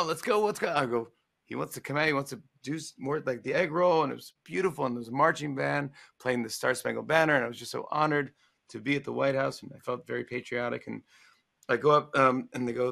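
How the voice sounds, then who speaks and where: A man's voice: medium pitch, gravelly. A man in his forties casually telling a funny anecdote, acting out the voices of the people he quotes. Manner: animated storyteller, acts out quoted voices. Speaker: talk show guest, author. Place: promotional livestream interview.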